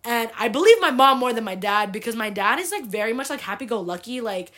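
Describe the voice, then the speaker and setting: A woman's voice: a little high, sing-song, fast, a bit bright. A young woman from the United States hosting a podcast, telling a family story in a loose, chatty way, full of "like" and casual swearing. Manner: chatty, fills with "like", swears freely. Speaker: podcast host.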